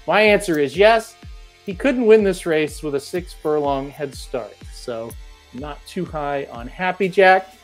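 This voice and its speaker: A man's voice: fairly high pitch, expressive, unhurried, faint music behind. A man hosting a horse racing show, reading out viewer comments in a casual, chatty way and joking as he goes. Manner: joking, chatty, laughs between remarks.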